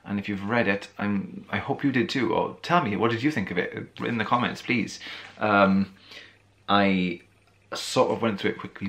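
A man's voice: sits low, gravelly, pushed and bright. A man from Wales chatting casually in his bedroom for his vlog, rambling and friendly, a little tired and losing his voice. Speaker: vlogger. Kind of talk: casual chat.

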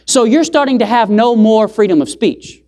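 Male preacher, sermon delivery in a church, punchy rhetorical questions, big jumps in pitch and volume for emphasis. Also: moderate pace. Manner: swings pitch and loudness for emphasis. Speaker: evangelist preacher.

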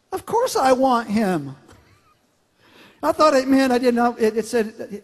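Middle-aged male pastor with a very high voice, emphatic sermon delivery, recorded in a large church with long reverb. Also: lively intonation, measured pace, pauses often. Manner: emphatic, swings from loud declarations to quiet storytelling.

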